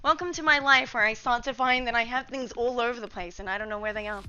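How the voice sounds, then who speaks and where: A woman's voice: on the high side, fast, pushed and bright, muffled recording, soft background music. A young woman chatting to her stream viewers from her home kitchen, scatterbrained and a little out of breath. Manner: scatterbrained and chatty, talking to chat. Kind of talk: casual live-stream chat.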